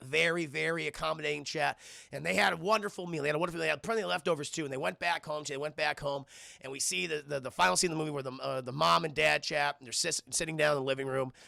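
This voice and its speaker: A man's voice: fairly high pitch, steady tone, fast, vocal fry, bright, forceful tone, dry recording, studio quality. A man streaming a casual, profane film recap, rambling and constantly addressing his chat.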